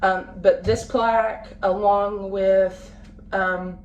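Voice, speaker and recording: A woman in her late twenties, a family vlogger talking casually to the camera at home, halting and full of fillers and restarts. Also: mid-range voice, little pitch movement, a little mellow, lo-fi sound. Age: late 20s. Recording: roomy, from a distance, faint background noise.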